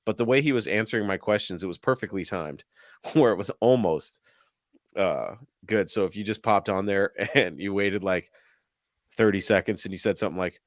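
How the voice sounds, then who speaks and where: A man's voice: deep voice, normal speed, no echo, studio quality. A man co-hosting a podcast in loose, profane casual chat, laughing often. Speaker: podcast co-host.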